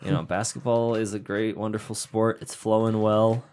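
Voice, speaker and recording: A man's voice: lowish voice, normal speed. A man co-hosting a casual sports podcast, swearing often and joking around. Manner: swears often, jokey and animated. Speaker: podcast co-host.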